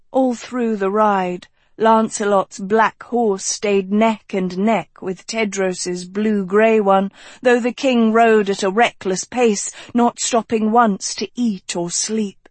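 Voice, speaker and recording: Slow, measured audiobook narrator. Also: mid-range voice, steady tone, dry recording. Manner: measured, unhurried storytelling. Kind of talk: scripted fantasy narration.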